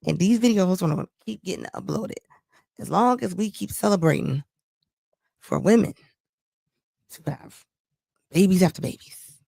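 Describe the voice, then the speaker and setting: A woman's voice: medium pitch, gravelly, mellow, no room sound. A woman speaking hosts a reaction stream, blunt and scolding, and repeats lines for emphasis. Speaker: commentary channel host. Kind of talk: reaction commentary on a live stream.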